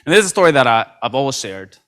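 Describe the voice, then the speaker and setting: A man giving an energetic motivational talk at a convention, acting out quoted dialogue with lots of repetition. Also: mid-range voice, racing. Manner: animated, acts out quoted dialogue, many repetitions. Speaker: motivational speaker. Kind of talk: energetic storytelling speech. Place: convention stage.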